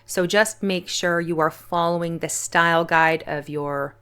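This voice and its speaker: A woman's voice: fairly low pitch, fairly even intonation, a little slow, a bit bright. A woman hosting her own channel, giving a patient English punctuation lesson. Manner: clear, patient explaining. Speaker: English teacher. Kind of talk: online grammar lesson.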